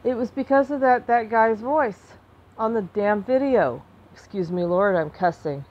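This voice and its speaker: A woman's voice: fairly high pitch, measured pace. Woman venting straight into her camera, fired up, keeps restarting, kinda muffled lo-fi sound. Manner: impassioned, repeats and restarts, flares into anger then softens. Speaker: vlogger. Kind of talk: emotional personal monologue to camera.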